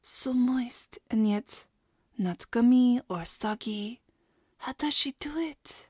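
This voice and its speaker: Woman doing a cafeteria chef, dreamy, breathy, food-obsessed, storybook reading, dry sound. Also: on the high side, takes it slowly, a little mellow, dry recording.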